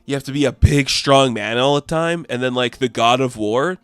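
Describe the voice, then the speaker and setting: A man's voice: medium pitch, normal speed, smooth, no echo, faint music behind, close to an everyday voice. A man voicing a bitter, brutish male smith god who taunts his enemy. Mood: taunting. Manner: sneering, taunting.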